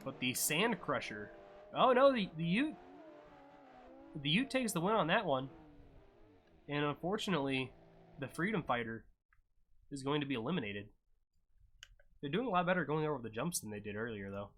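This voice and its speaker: A man casually commentating a live-streamed racing game, chatty and offhand with sudden excited yelps at crashes. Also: mid-range voice, a little fast, pauses often, slight background noise.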